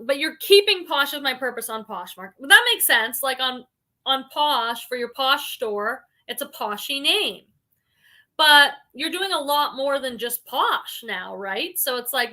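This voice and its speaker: A woman hosts a relaxed livestream and talks freely with her viewers. Her voice is high and sharply bright. She reads their comments aloud and fills her talk with "like" and "um". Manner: frequent "like" and "um" fillers. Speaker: reseller livestream host. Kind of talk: casual livestream chat.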